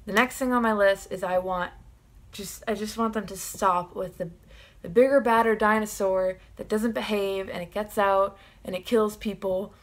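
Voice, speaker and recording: Excited rambling young woman vlogger. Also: mid-range voice, normal speed. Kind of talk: casual film opinion vlog.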